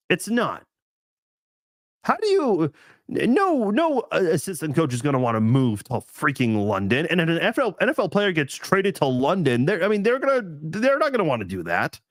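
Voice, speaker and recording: Guy doing a live chat, super lively pitch, dry close sound, kinda highish. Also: dry recording. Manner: animated, thinks aloud, frequent restarts and fillers. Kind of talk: casual live stream chat.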